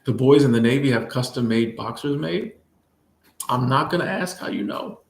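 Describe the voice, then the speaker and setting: A man hosting a casual livestream, reading chat and answering viewers in a relaxed, playful way, often repeating his phrases. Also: medium pitch, normal speed, gravelly. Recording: echoey room.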